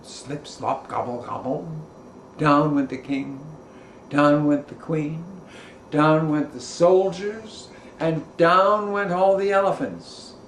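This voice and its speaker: A man who works as a storyteller, narrating a children's folk tale in a playful, expressive way. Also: on the high side, slow, slight background noise. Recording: roomy echo.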